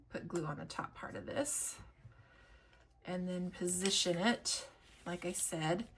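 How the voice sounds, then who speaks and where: A woman talking through a crafting tutorial in a chatty, rambling way, with many fillers and restarts, now and then going soft while she works. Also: medium pitch, a little hiss or hum. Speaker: collage artist and shop owner.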